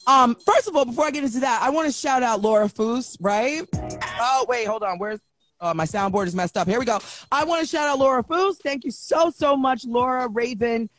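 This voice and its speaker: A woman hosting a live show, telling stories with animated energy and acting out back-and-forth exchanges. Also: a little high, fairly quick, faint music behind. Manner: animated storyteller who acts out exchanges. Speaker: host of a live online show. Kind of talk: casual live-stream chat. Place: at home.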